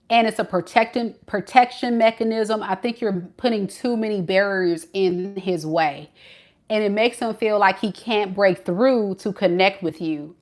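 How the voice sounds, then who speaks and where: A woman gives a live tarot reading in a casual, animated voice. Her pitch sits in the middle range. She talks in relaxed slang, calm while reading the cards and more lively when giving advice. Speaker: tarot reader.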